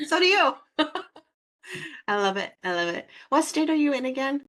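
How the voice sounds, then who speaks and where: A woman with a Minnesotan accent hosting a podcast interview, bubbly and quick to laugh in casual chat. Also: high-pitched, sing-song, fairly bright tone. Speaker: podcast host.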